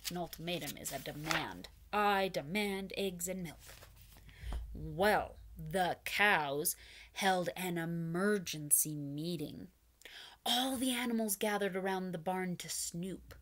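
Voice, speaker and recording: A woman reading a picture book aloud to preschoolers, pausing to explain words and invite the children to join in. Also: lowish voice, a bit bright. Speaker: children's storyteller.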